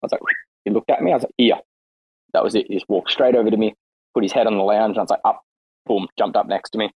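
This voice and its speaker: A man chatting casually on an online voice call, rambling and relaxed with lots of fillers and restarts. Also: on the low side, rapid-fire, husky, dry recording, highs cut off. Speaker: participant in an online audio chat room. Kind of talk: casual chat.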